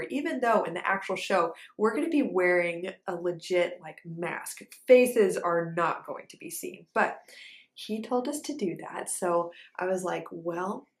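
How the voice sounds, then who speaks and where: A young woman dancer telling a story in a casual, animated way, with lots of fillers. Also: fairly low pitch. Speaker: ballet dancer and vlogger. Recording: echoey room.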